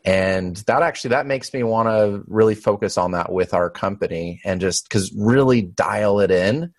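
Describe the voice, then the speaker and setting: A man's voice: fairly low pitch, moderate pace, dry recording. A man hosting an interview, enthusiastic, often restarting his phrases. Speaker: host. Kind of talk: conversational interview.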